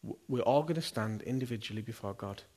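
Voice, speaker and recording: A middle-aged man preaches in a church, his voice slightly husky and breathy. He talks in an earnest, conversational way and keeps asking his listeners rhetorical questions. His pitch sits at a mid level for a man. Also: quick pace, a little mellow. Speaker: pastor. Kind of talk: sermon.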